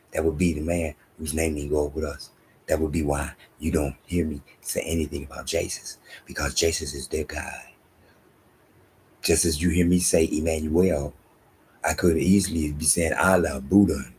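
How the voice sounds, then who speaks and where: A man, preaching an emphatic, repetitive Bible-teaching sermon that drops into low asides. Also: a little mellow, slight background noise, rough recording. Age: 60s.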